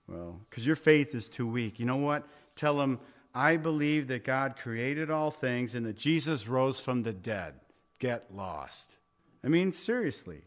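A man's voice: a little high, lively intonation, a little slow. A man preaching a sermon, conversational, often asking his listeners questions. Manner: conversational, asks the congregation questions. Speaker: pastor.

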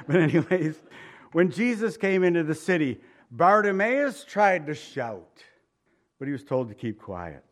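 A man's voice: fairly high pitch, sing-song, takes it slowly, pauses often. A man preaching a sermon in a folksy, joking way, with asides, repeated phrases and rhetorical questions.

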